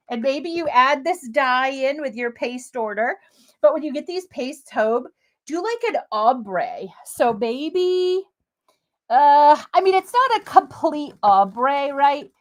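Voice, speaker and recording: A woman's voice: sits high, lively intonation, takes it slowly. A woman hosting a live crafting demo, chatty and gushing, talking straight to her viewers as she works. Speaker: crafting livestream host.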